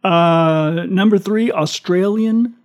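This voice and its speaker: A man's voice: sits high, takes it slowly. A man co-hosting a talk show, chatting casually and reading out survey figures with an amused tone. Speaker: radio talk show co-host.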